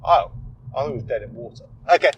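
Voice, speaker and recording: A tired man co-hosting a podcast, relaxed and agreeable as they talk about a film. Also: mid-range voice, fast talker, dull audio, slight background noise. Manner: relaxed, agreeable, often backs up his co-host. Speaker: podcast co-host. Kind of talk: casual film review chat. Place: inside a car.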